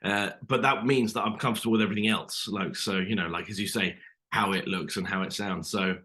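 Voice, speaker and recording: British man, low voice, lots of fillers. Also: steady tone, fairly quick, sharp tone. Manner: hesitant, many fillers and restarts. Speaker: actor guest. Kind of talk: casual interview chat.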